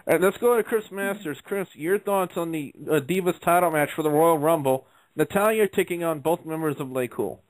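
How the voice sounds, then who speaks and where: A man's voice: fairly high pitch, normal speed, dry recording, low-quality recording. A man hosting an internet radio talk show, emphatic, calling on each panelist in turn. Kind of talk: casual wrestling talk show.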